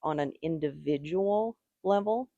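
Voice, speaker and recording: Gravelly, mellow-voiced tarot reader rambling casually. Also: mid-range voice, measured pace, no room sound, dull audio. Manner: rambling, opinionated, with many "like" fillers.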